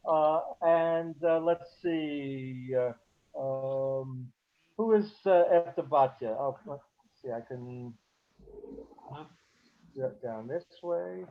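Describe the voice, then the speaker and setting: A man teaching a beginner class over a video call, talking haltingly with many fillers and restarts. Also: mid-range voice. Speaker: Hebrew teacher. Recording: dull lo-fi call audio.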